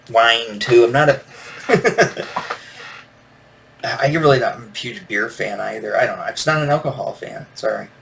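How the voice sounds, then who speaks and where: A man's voice: mid-range voice, measured pace, gravelly, pauses often, a bit bright. A man hosting a solo comics review podcast, talking casually and rambling, with lots of fillers and restarts. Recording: distant from the mic with faint noise.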